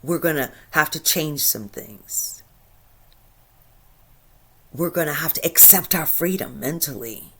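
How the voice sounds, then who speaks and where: A woman hosting her own spiritual channel, talking casually and with feeling, laughing often and swinging from soft to loud. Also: sits low, lively intonation, slow pace, long pauses, slightly rough. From Michigan. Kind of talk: casual inspirational monologue.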